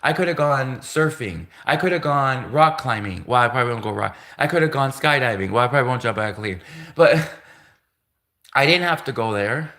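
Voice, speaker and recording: A man of ordinary pitch talks through a grievance on a livestream. He rambles and repeats himself, and he sounds aggrieved and put-upon. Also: lively intonation, moderate pace, bright, forceful tone. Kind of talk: casual monologue, telling a grievance story.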